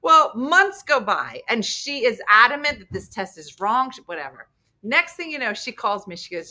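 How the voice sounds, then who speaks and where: A middle-aged woman, host of a podcast, telling a family story in lively casual chat. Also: on the high side, moderate pace. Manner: lively storytelling, acts out quotes.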